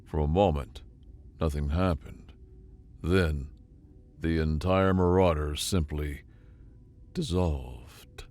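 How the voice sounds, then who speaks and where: A man reading a sci-fi story as narrator, with dramatic, expressive delivery. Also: very deep voice, slow pace, long pauses, no echo.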